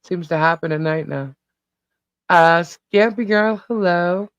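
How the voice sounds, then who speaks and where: A woman hosting a live stream, casually greeting chat viewers by name, her voice a little hoarse and laughing often. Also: on the low side, slow pace, dry recording. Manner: chatty, laughs often, reads out viewer names. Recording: dull lo-fi stream audio.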